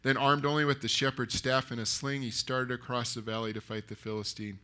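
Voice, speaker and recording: A man preaching a sermon that retells a story, lively and acting out the characters' lines. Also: mid-range voice, a little fast. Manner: animated, acts out the characters. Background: live audience.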